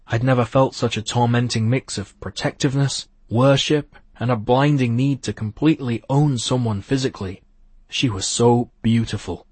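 A man narrating a first-person romance novel in an intimate, measured way, slowing down on key phrases. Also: on the low side, breathy edge, dry recording. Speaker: audiobook narrator.

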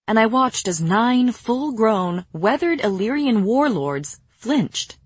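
Husky-voiced woman narrating a novel. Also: mid-range voice, lively intonation, a little slow, dry recording. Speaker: audiobook narrator. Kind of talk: scripted first-person narration.

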